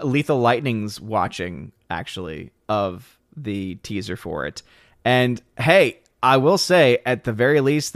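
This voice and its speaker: A man's voice: medium pitch, no room sound. Hesitant man chatting casually, dry sound. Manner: hesitant, many restarts and fillers. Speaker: podcast co-host reading chat. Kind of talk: casual chat.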